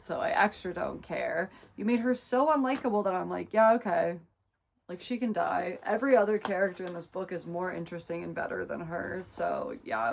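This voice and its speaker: A woman's voice: on the low side, gravelly. A woman reviewing a book in a casual vlog, exasperated and emphatic, ranting and swearing freely. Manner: expressive, emphatic.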